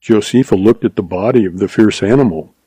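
A man reading a story aloud in measured, scripted narration. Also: on the low side, mellow, breathy edge, no room sound, low-quality recording. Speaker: audiobook narrator.

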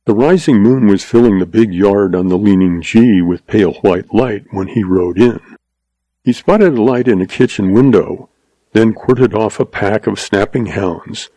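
A man giving steady, measured scripted narration of a western audiobook. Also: on the low side, no room sound.

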